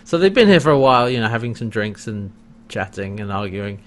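This man talks through a TV episode with a friend in loose, rambling chat. His voice sits at an ordinary pitch, and he keeps the retelling lively and animated. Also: normal speed. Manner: rambling, animated retelling with laughs and acted-out quotes. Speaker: podcast co-host recapping an episode. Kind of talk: casual chat.

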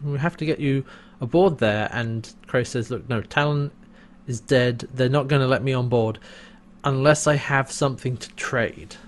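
This is a man of ordinary pitch talking in a relaxed podcast chat. He walks through a TV episode scene by scene, acting out bits of dialogue as he goes. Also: normal speed. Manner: rambling retelling with quoted lines and laughs. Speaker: podcast co-host recapping an episode. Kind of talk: casual chat.

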